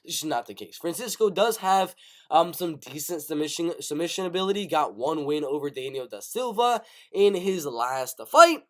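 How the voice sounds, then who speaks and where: A man hosting a casual live show, giving animated, rapid-fire fight predictions with play-by-play bursts. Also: fairly high pitch. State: coughing, sick. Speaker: MMA prediction show host. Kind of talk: casual live-stream commentary.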